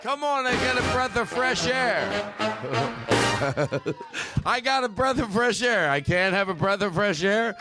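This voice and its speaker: A man's voice: sits high, animated, slow pace, loud music behind the voice, a loud crowd. A man hosting a live comedy podcast on a club stage, riffing, laughing often and crude. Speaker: host.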